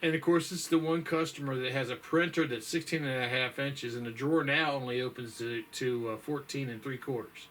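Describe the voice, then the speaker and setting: A tired man talks casually to his viewers, rambling along with plenty of ums and sighs. His voice sits at an ordinary middle pitch, and a faint hiss of noise runs underneath. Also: steady tone, fairly quick, few pauses, fairly bright tone. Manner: rambling, folksy, with many fillers and sighs. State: tired, yawning. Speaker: vlogger. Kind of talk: casual chat.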